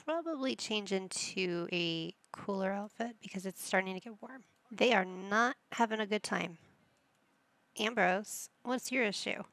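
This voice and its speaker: A woman's voice: medium pitch, a little slow, a bit bright, dry recording. A woman hosting a casual let's-play, chatting to the game characters as she plays. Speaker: gaming channel host.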